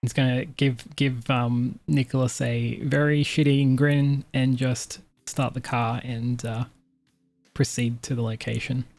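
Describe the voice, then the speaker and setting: A game master narrating a tabletop vampire game in a descriptive, measured way. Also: medium pitch, flat delivery, vocal fry, darkish tone, soft background music.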